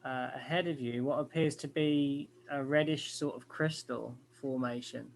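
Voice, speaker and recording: A man's voice: medium pitch, steady tone, moderate pace, creaky. Hesitant male game master, faint hiss. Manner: hesitant, many fillers. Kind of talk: narrating a tabletop game.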